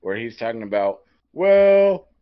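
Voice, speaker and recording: A man's voice: medium pitch, expressive, normal speed. A man co-hosting a sports podcast, delivering a heated, profane rant. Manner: profane, fired-up ranting. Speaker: podcast co-host. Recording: dull lo-fi podcast audio.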